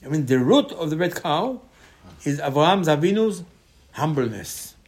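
A man's voice: on the high side, animated, normal speed. Impassioned man giving a Torah sermon. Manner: impassioned, repetitive, acts out quoted dialogue. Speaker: rabbi teaching Torah.

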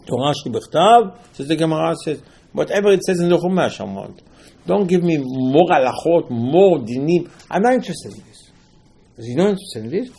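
Gravelly emphatic male rabbi. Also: on the high side, animated, fairly quick, mellow. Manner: emphatic, rhetorical questions, acts out dialogue. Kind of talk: Torah lecture.

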